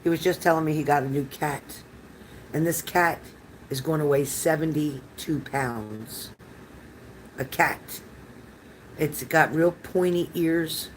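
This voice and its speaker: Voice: mid-range voice, takes it slowly, long pauses, a little hiss or hum, poor audio. An older tarot reader giving live readings to chat viewers in a chatty, rambling, reassuring manner.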